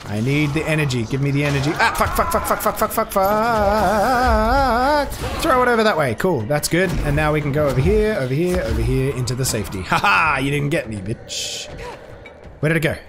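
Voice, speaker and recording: Male let's-play streamer, excitable and jokey, swears at the game, pitched a bit high. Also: quick pace, background noise. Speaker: gaming streamer. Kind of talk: casual let's-play commentary.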